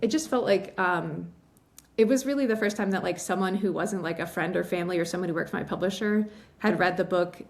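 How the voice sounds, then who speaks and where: A woman from western Massachusetts, a novelist guest telling a story in a chatty interview, full of fillers and quick laughs, a little teary. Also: fairly low pitch, creaky. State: emotional, teary.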